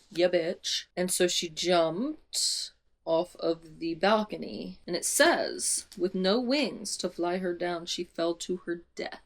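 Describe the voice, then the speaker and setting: Brief: young woman, lowish voice, book vlogger reading aloud with dramatic outbursts. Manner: dramatic, reads passages aloud with excited asides. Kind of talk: casual reading vlog.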